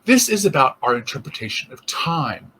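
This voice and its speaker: A man with a fairly high, bright, sharp-edged voice gives a casual spiritual teaching as an interfaith minister. He thinks aloud, restarts his sentences, and slips into little acted-out inner voices. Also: sing-song, normal speed, slightly rough.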